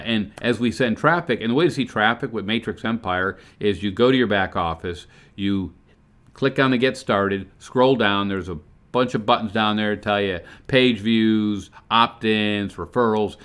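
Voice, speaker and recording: Speaking to camera in a lowish voice, a middle-aged man gives an earnest, excitable motivational talk about his online business. His voice jumps up whenever he gets fired up.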